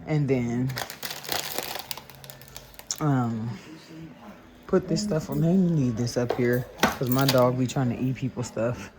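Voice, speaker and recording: A woman vlogging casually from her home, retelling her day in an animated, gossipy way. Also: rumbling low, takes it slowly, long pauses, noisy background. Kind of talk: casual chatty storytelling. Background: smooth jazz and background voices.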